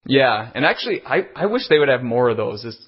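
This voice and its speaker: A man's voice: medium pitch, big pitch swings, brisk, husky. A man co-hosting a podcast, talking casually with many restarts and the odd swear word. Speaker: podcast co-host. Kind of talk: casual chat. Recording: dull lo-fi audio.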